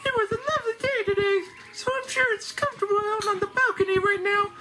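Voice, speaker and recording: A woman voicing a sweet, gentle young princess in a very high, squeaky, mouse-like voice, with a sugary, overly polite delivery. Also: steady tone, fast talker, noisy background. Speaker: gamer reading dialogue aloud. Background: game music.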